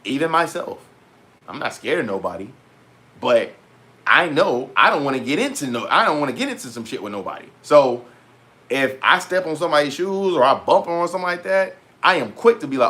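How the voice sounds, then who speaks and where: A young man vlogging in a casual, animated rant to his viewers, full of slang and repeated asides. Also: on the high side, brisk. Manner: animated, heavy slang, repeats "bro" and "petty". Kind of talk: casual storytelling rant to camera.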